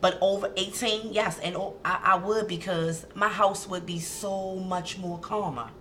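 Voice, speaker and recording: A woman's voice: mid-range voice, fairly even intonation, a little slow, a bit bright, a little hiss or hum. A woman with a Baltimore accent, co-hosting a casual radio talk show and repeating key phrases for emphasis.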